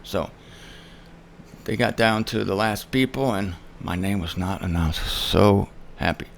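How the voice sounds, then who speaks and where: A man's voice: on the low side, moderate pace, vocal fry, a little hiss or hum. A man hosting his own show, telling a story in an emphatic monologue and acting out the people he quotes. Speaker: show host. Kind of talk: casual monologue.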